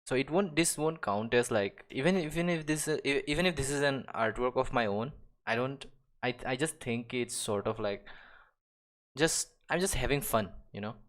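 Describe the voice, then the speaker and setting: Drawing on his live stream, the young digital artist speaks at normal speed in a mid-range, fairly bright voice. His casual chat wanders, packed with fillers, restarts, and little chuckles.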